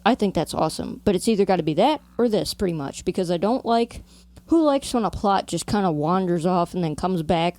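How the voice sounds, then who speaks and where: A woman's voice: on the low side, darkish tone, dry recording. A woman from New Jersey co-hosting a podcast, chatting casually and rambling off on tangents with lots of "like". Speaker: podcast co-host. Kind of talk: casual chat.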